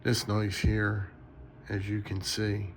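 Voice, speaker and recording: A man's voice: fairly low pitch, completely flat delivery, slow pace, slight background noise. A tired man rambling casually in a late-night vlog from his bedroom, yawning often. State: sleepy. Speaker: knife collector vlogger.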